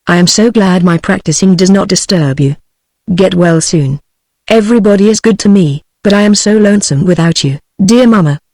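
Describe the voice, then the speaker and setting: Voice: medium pitch, no echo. Brief: computer-voiced audiobook narrator, evenly paced, dry close sound. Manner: even, mechanical reading that speaks punctuation aloud. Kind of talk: text-to-speech audiobook reading.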